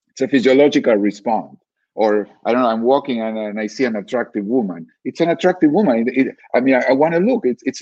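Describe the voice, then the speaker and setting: Husky guy on a podcast, thinks out loud, repeats himself, kinda dull dry audio. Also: lowish voice, no room sound. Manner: thoughtful, repeats words while searching for them. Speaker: podcast guest, author. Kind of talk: reflective conversational explaining.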